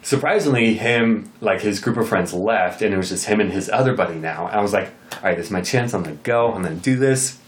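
Animated young man telling a story. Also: on the low side, fast talker. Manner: animated, acts out quoted lines. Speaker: podcast guest. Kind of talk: casual storytelling chat. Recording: roomy echo.

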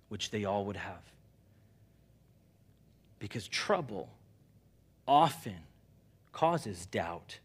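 A man preaching a sermon in an animated, conversational way, dropping quiet for emphasis. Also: mid-range voice, breathy edge. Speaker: pastor.

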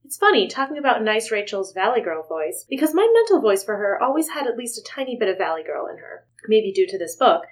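A woman's voice: mid-range voice, big pitch swings, fast talker, few pauses. A woman co-hosting a podcast in casual, playful chat, laughing often. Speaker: podcast co-host.

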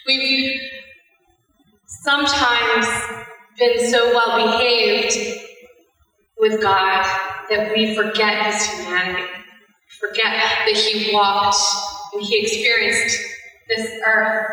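A woman in her thirties giving a sermon, speaking earnestly and gently and restarting her phrases often. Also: mid-range voice, level tone, takes it slowly, pauses often. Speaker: preacher. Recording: echoey hall, voice from far off.

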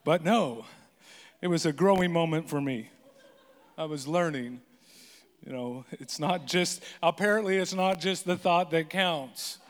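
A fairly high-voiced man in his fifties preaching from the front of a church, spinning self-deprecating stories and teasing his listeners. His voice trails off into a long hall reverb. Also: a little slow. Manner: joking, self-deprecating storyteller. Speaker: pastor. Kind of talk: sermon with humorous stories.

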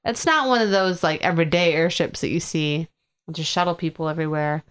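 A woman's voice: deep voice, clean tone. Giggly woman spinning a tabletop story. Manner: giggly, quick to laugh. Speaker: writer and player.

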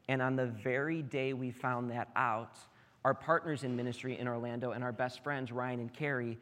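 A man in his thirties preaching a sermon as pastor, earnest and building to emphatic peaks. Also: mid-range voice. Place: church sanctuary. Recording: hall reverb.

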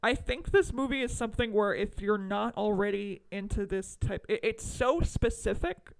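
Brief: woman with a gravelly, creaky voice, podcast co-host, hesitant and thoughtful. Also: mid-range voice, moderate pace. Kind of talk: casual chat.

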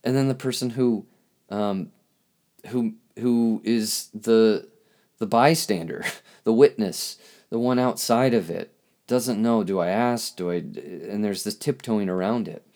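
A man hosting a podcast, speaking in a halting, reflective monologue with lots of restarts, and openly emotional. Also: on the low side, darkish tone. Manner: halting, searching for words, emotional. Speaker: podcast host.

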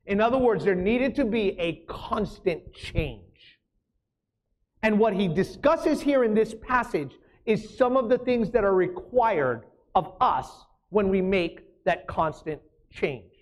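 A man's voice: high-pitched, lively intonation, slow pace. A man as pastor preaching a sermon, emphatic, often asking the congregation questions.

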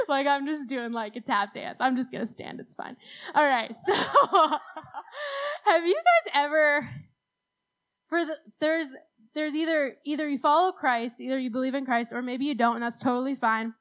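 A woman's voice: high voice, very animated, a little slow, a bit bright, poor audio. A young woman telling a rambling, self-deprecating story at a church talk, laughing often. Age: young adult. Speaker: speaker at a church youth talk.

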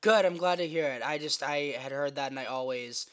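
A young man hosts a casual podcast while hoarse and a bit sniffly from a cold. His rough, raspy voice still has a smooth, resonant core. He rambles and fills his pauses with ums. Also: on the high side. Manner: rambling, filler-heavy. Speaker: podcast host.

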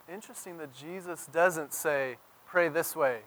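Animated male pastor preaching. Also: a little high, measured pace, hardly any pauses. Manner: storytelling, swings from loud emphasis to near-whisper. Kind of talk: sermon.

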